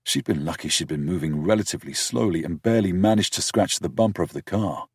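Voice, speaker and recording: Man, audiobook narrator, very low voice, breathy husky tone, measured wry storytelling, dry close mic. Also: darkish tone, no room sound. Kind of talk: first-person romance audiobook narration.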